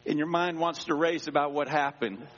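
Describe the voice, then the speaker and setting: Male pastor, higher voice, dramatic sermon storytelling, long hall echo, dull muffled sound. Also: moderate pace. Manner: dramatic, swings between hushed and raised voice.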